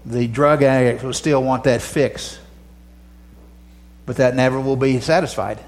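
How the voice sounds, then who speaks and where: Man, pastor, sermon, impassioned preaching, middle pitch. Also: darkish tone.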